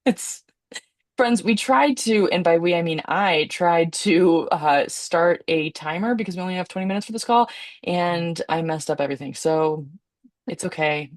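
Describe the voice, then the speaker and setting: Chatty woman co-host, low and dry. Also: moderate pace, dry recording. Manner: chatty, giggly, rambling storyteller. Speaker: podcast co-host. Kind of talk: casual chat.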